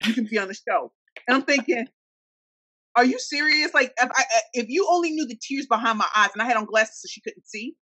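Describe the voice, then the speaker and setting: A woman from St. Louis, Missouri, tells her story as an interview guest, bright and forceful in tone, her pitch set a little high. She brings the people in her story to life by acting out their voices. The sound is dry and close. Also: fast talker, no room sound, rough recording. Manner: animated, acts out quoted voices. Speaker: guest entrepreneur.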